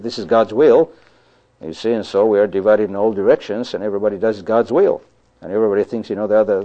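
A man preaching a sermon in an emphatic style, who often repeats himself and keeps saying "you see" and "you know.". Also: fairly low pitch. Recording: dull lo-fi recording.

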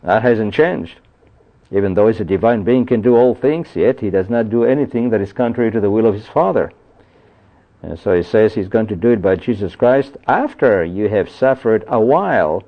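A man's voice: lowish voice, expressive, moderate pace. A man preaching a sermon, reading Bible verses and explaining them, often saying "you see" and "you know". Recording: tinny phone-like sound.

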